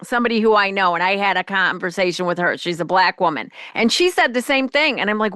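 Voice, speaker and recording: A woman's voice: medium pitch, lively intonation, fast talker, few pauses, a bit bright, clear, resonant tone, no echo, studio quality. A woman co-hosting a casual political chat, speaking emphatically and often chiming in to agree. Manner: emphatic, frequent agreeing interjections. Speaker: co-host.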